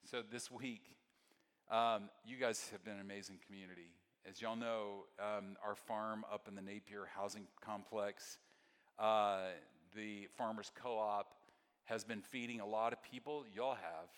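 Bright-voiced pastor preaching in a reverberant hall. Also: male voice, on the low side, measured pace. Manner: storytelling, swings from excited to very soft and hushed. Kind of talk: sermon.

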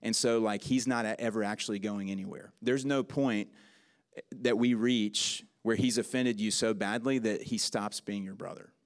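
A man's voice: on the low side, fairly even intonation, moderate pace. Man preaching in a chatty style. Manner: conversational preaching with restarts and asides. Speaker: pastor. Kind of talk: sermon.

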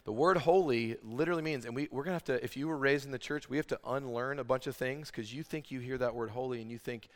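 A man's voice: quick pace, few pauses. Preacher man in a reverberant hall. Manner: emphatic, builds to loud peaks then drops low. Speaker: pastor. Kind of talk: sermon.

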